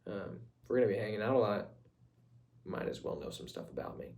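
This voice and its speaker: A young man talks casually to the camera from his room at home, wandering from one thought to the next and laughing often. His voice is low and gravelly, and his pitch swings around a lot. Now and then he drops into a whisper. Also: lively intonation, quick pace, a little mellow. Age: young adult. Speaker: vlogger.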